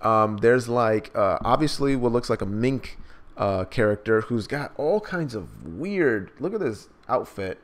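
A man's voice: medium pitch, sing-song, unhurried. A man doing a live manga reaction, hyped and slangy, reading the dialogue in raised voices.

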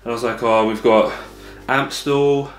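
A man's voice: medium pitch, steady tone, measured pace. A young man, a bartender, chatting casually to camera, swearing and laughing often. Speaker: vlogger. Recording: echoey room with music.

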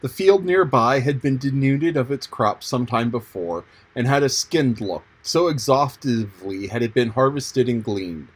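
A man narrates a novel chapter for an audiobook. His reading is measured and descriptive, and his voice sits at an ordinary middle pitch for a man. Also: expressive, breathy edge.

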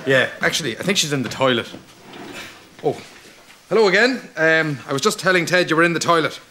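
An actor playing a dim, innocent young Irish priest who blurts things out simply. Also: male voice, a little high, animated, fairly quick, natural voice. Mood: cheerful. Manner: naive, blurting, simple-minded. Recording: noisy TV sitcom audio.

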